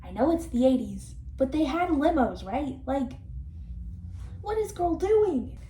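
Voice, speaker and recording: A young woman vlogger rambles through casual commentary, swearing, mocking and laughing often. Her voice is high, very animated, warm and unhurried. It was captured on a camera mic in an echoey room with faint noise.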